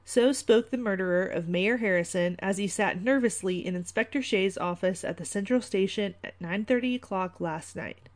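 Woman podcast host, mid-pitched, rambling and wry, filler-heavy chat. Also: moderate pace. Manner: chatty, rambling, many fillers, wry asides. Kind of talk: casual conspiracy podcast talk.

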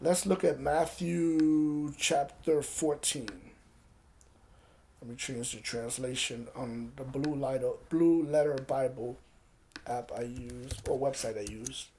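A man preaching in a relaxed, chatty way, stopping now and then for a quick aside. His voice sits a little above the usual male pitch. He reads scripture aloud and talks it over. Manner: casual, conversational preaching with asides and restarts. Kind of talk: sermon.

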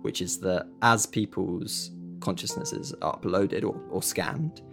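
A man's voice: sits low, fairly even intonation, measured pace, vocal fry, fairly bright tone, faint music behind. A man chatting casually as a podcast co-host, analyzing and reacting. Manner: reacting with short interjections, analytical. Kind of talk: casual chat.

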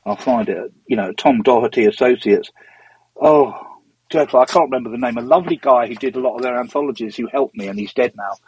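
Husky man rambling through anecdotes. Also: medium pitch, fairly quick, a little mellow, dry recording, highs cut off. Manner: rambling and digressive, with frequent ums and restarts. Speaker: interview guest, former magazine editor. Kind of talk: casual anecdotal storytelling.

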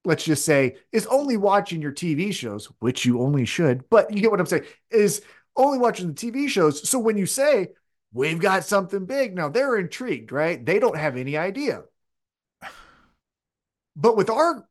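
A man's voice: high voice, very animated, normal speed. A man co-hosting a casual wrestling chat podcast, rambling and opinionated as he talks things through. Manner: rambling, opinionated, restarts often. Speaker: podcast co-host.

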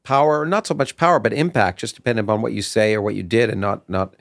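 A man's voice: on the low side, fast talker, gravelly, no echo, studio quality. A man hosting an interview in an office, asking questions while searching for his words. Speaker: podcast host. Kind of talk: casual interview conversation.

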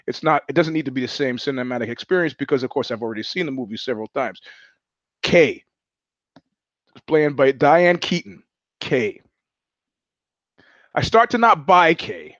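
A man hosting his own podcast, talking through a film in an animated, digressive way and acting out the lines of its characters. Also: mid-range voice, moderate pace, long pauses, no echo, highs cut off. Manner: animated, digressive storyteller who acts out quotes. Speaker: podcast host. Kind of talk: solo monologue about film. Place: home room.

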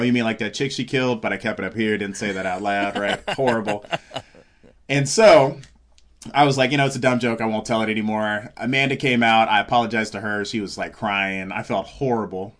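A man chatting casually on a podcast, telling a long story with acted-out quotes and plenty of swearing. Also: mid-range voice. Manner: animated storyteller, acts out quotes, swears freely. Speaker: comedian guest.

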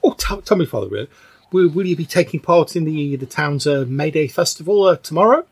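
A man's voice: a little high, expressive, brisk, breathy edge, voice pushed up. A man voicing a frail, fussy old female churchgoer who stammers and repeats words, out of breath. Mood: eager.

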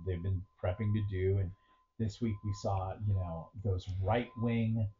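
A man co-hosts a podcast in a low voice, rambling through casual political chat with a sardonic edge. The sound is dull and lo-fi, with a faint hiss behind him. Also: fairly even intonation, unhurried, dark tone. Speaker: podcast co-host.

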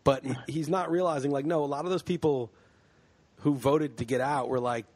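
A man's voice: mid-range voice, steady tone, a little fast, a little mellow. A man hosting a podcast in casual chat, heated and ranting, swearing freely. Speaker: podcast host.

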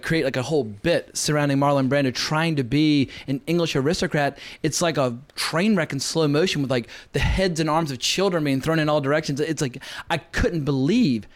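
A man hosting a podcast, chatting about films in a rapid, excitable rant and laughing often. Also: fairly high pitch. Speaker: podcast host. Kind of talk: casual film discussion.

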